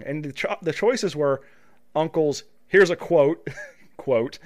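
A man's voice: a little high, slow. A man co-hosting a podcast, chatting casually and acting out quoted lines with laughter. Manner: animated storyteller, acts out quotes with a laugh. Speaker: podcast co-host. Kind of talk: casual chat.

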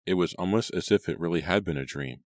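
A man narrates a horror novel in a measured storytelling manner. His voice is very deep and low. The recording is dry and close, with no room sound. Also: darkish tone, dry recording. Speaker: audiobook narrator. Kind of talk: scripted narration.

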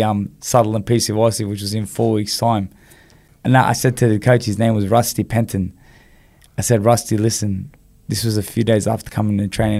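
A man with an Australian accent, a podcast guest telling stories in an animated, casual way, full of "you know" and quick restarts. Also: fairly low pitch. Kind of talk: casual storytelling interview.

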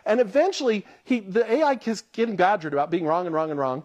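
Male pastor, somewhat high voice, lively storyteller who acts out quotes mid-sermon. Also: quick pace, hardly any pauses.

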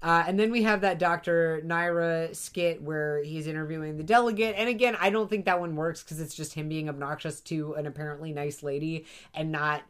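A woman's voice: deep voice, steady tone, fairly quick, hardly any pauses. A woman co-hosting a casual podcast chat, talking with many fillers and restarts and laughing often. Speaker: podcast co-host. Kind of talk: casual chat reviewing a comedy series.

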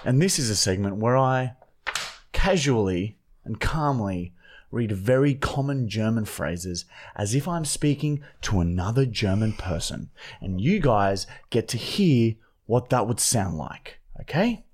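A man's voice: lowish voice, animated, measured pace, a little mellow. Give me a crude, swearing man. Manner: swears constantly, blunt and rowdy. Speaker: podcast co-host. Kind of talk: crude casual chat.

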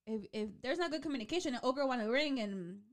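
Animated, breathless woman in her late twenties. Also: sits high, quick pace. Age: late 20s. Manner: animated, swears, switches into Spanish. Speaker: podcast co-host. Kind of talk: casual chat.

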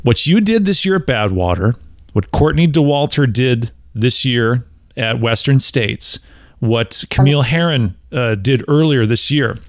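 A man's voice: medium pitch, expressive, unhurried, no room sound, studio quality. A man hosting a conversational interview, asking long, emphatic questions. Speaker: podcast host.

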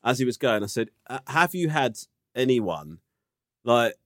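A man telling a funny story in casual chat, playful and quick to act out other people's voices. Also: medium pitch, very animated, no room sound, clean studio sound. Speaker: podcast co-host.

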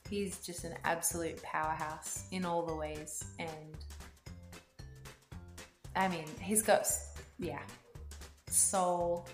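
A woman's voice: on the low side, fairly even intonation, slow, pauses often, roomy sound, faint music behind. A woman with an Australian accent, a guest singer chatting casually and cheerfully in an interview.

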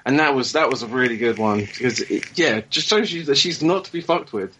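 A man's voice: mid-range voice, expressive, brisk, a bit bright, a little hiss or hum, rough recording. A man in casual podcast chat about a film, enthusiastic and profane, rambling with restarts. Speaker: podcast roundtable guest.

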